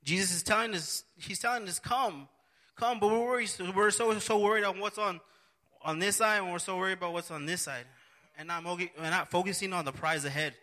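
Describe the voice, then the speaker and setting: A man's voice: high voice, brisk, sharp tone. A man preaching a sermon, earnest and repetitive, often restarting his phrases.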